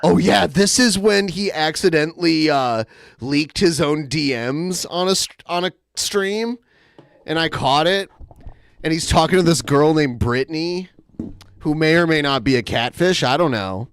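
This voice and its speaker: A man's voice: on the high side, a little slow, clear, resonant tone. A man co-hosting a casual podcast, reading out cringe messages in a mocking, amused way. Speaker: co-host.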